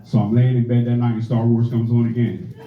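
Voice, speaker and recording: A man's voice: mid-range voice, little pitch movement, fairly quick. A man in his forties doing a stand-up comedy set on a club stage, telling stories in a loose, profane way. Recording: echoey club, dull sound, loud crowd. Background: audience laughter.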